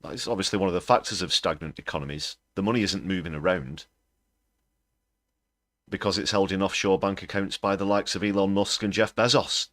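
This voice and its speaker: A man's voice: low voice, fairly quick, fairly bright tone, no room sound, studio quality. A British man hosting a political livestream, talking bluntly and scornfully, with fillers as he thinks aloud. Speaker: host.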